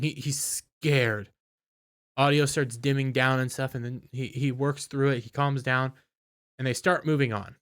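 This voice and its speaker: A tired man giving a casual, rambling spoken recap of a TV episode, with halting restarts. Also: medium pitch, fairly bright tone, smooth. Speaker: video reviewer.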